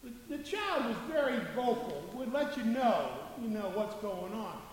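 Higher-voiced guy preaching, jokey asides, big echoey church, bit of hiss. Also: sing-song, unhurried. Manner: conversational, humorous asides. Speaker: pastor. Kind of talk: sermon. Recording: echoey hall from far off, faint hiss.

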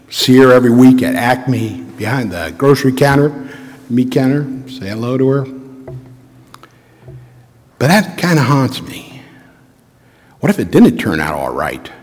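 A man's voice: mid-range voice, darkish tone. A middle-aged male pastor preaching a sermon, telling a personal story in an earnest, reflective way and asking rhetorical questions. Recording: long reverb of a large hall.

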